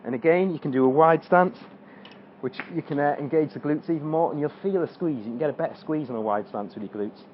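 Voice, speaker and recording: Guy coaching squat form while doing the reps, bit high voice, kinda dull audio w faint hiss. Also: fast talker. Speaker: fitness coach. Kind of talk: exercise tutorial.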